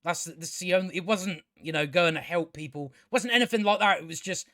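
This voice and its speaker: High-voiced sarcastic man reviewing. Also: a little fast, hardly any pauses, pushed and bright, no room sound, clean studio sound. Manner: sarcastic, exasperated, swears freely, many restarts. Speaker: TV review channel host. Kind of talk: casual spoken review.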